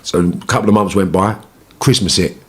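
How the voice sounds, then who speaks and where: Low-voiced London man, swears freely, slangy interview storyteller who gets animated. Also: fairly quick, husky. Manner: animated, rising when reliving arguments. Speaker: interviewee telling his life story. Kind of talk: casual storytelling.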